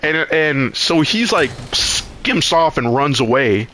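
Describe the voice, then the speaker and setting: Slight background noise sits under a man's somewhat high, very animated voice, pushed and bright yet slow-paced. He's streaming a game and rambling through a long story, swearing plenty and acting out quotes in a raised voice, all casual storytelling.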